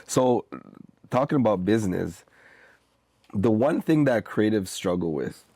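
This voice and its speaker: Male podcast host, low gravelly voice, laid-back, dry close mic. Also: lively intonation, a little slow, mellow, dry recording. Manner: laid-back, lots of "mm-hmm" and "bro". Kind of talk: casual interview.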